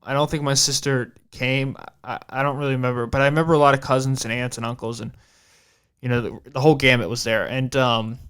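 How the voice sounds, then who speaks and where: A young man on a podcast, telling a personal story with a smooth, resonant voice at an ordinary pitch. He stops and restarts his phrases and repeats himself, and he swears casually between thoughts. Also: level tone, brisk, a bit bright. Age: young adult. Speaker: podcast host.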